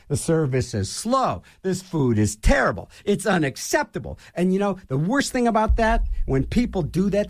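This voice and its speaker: High, lively rambling man ranting. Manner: rambling, animated, frequent restarts and mock voices. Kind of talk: comedic rant.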